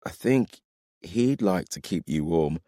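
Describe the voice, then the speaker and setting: Narrator playing a wry old-hand soldier, joking and grinning, audiobook. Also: male voice, deep voice, lively intonation, takes it slowly, mellow, no room sound, studio quality. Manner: wry and teasing. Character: teasing grinning male veteran warrior.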